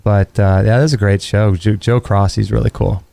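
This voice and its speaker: A man hosts a radio talk show in relaxed casual chat, rambling a little and restarting words. His voice is low and mellow, recorded close and dry. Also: moderate pace, vocal fry, dry recording. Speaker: podcast host.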